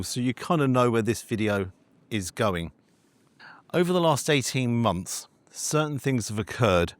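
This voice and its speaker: A man, a food reviewer, telling a story in an animated way and acting out conversations. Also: lowish voice, dry recording. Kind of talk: storytelling vlog.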